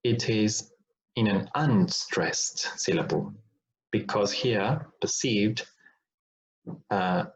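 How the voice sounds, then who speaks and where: Slow, deliberate male teacher. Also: lowish voice. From Argentina. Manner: deliberate, repeats example words to show sounds, checks in with "all right?". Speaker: phonetics teacher. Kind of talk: recorded online lesson. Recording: dull lo-fi recording.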